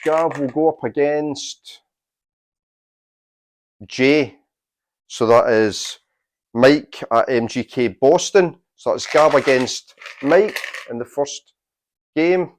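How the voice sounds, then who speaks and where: Quiz host, man, middle pitch, slow and deliberate, dry humor. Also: slight background noise. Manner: deliberate, unhurried announcing with dry asides. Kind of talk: announcing a tournament draw.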